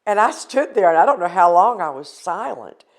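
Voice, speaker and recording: A woman's voice: lowish voice, big pitch swings, normal speed. An older woman from the United States recounting a painful personal experience in an earnest, emotional interview.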